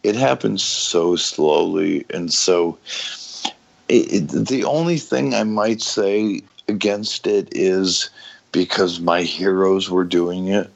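A middle-aged former pro wrestler, appearing as an interview guest, talks frankly in a very low, gravelly voice. His speech is raw and heavy with profanity, halting as he repeatedly stops and starts sentences over. The audio is dull and lo-fi.

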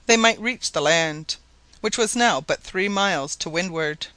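A man narrating an adventure novel aloud in a steady, clear reading. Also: fairly high pitch, measured pace, no room sound. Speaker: audiobook narrator. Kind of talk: scripted narration.

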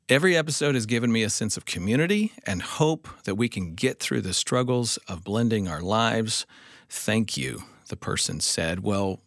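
A man's voice: fairly low pitch, fairly bright tone, dry recording, studio quality. A man hosting a podcast, reading announcements and sponsor thanks in a friendly promotional way. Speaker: podcast host. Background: music.

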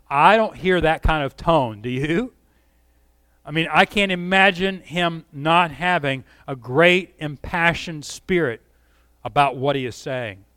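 A man's voice: a little high, fairly bright tone, clear, resonant tone, dry recording. Middle-aged male pastor, fervent pulpit delivery, resonant tone, close dry sound. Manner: impassioned, rising and falling emphasis; asks the congregation direct questions. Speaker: preacher. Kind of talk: sermon.

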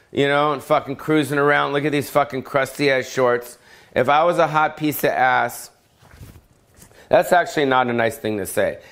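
A man's voice: medium pitch, a bit bright. A middle-aged male comedian ranting alone, profane and rambling, full of fillers and tangents. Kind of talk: solo comedic rant.

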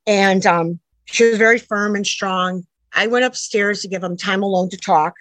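A woman's voice: medium pitch, steady tone, moderate pace, no room sound, poor audio. A middle-aged woman, a mother, telling a long personal story in an earnest, rambling way that jumps back and forth in time. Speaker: interviewee, a mother telling her daughter's story.

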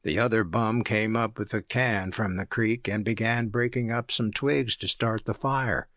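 A man reading an audiobook aloud as narrator, in a measured, even storytelling manner. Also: lowish voice, no echo, studio quality. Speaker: audiobook reader.

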